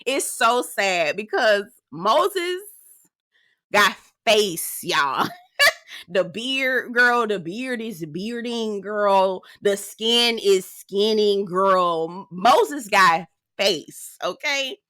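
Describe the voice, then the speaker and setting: A woman dishing on a reality show with bright, forceful energy and a dry, close sound. She is sassy and outspoken, swears freely and tells it like juicy gossip to her viewers. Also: mid-range voice, drawn-out words, no room sound. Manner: animated, gossipy storytelling. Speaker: reality TV recap host. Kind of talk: casual commentary.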